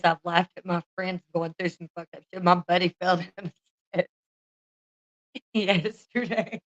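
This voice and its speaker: A woman's voice: fairly low pitch, no echo, lo-fi sound. A woman chatting casually on a livestream, laughing often and swearing freely as she talks to her viewers.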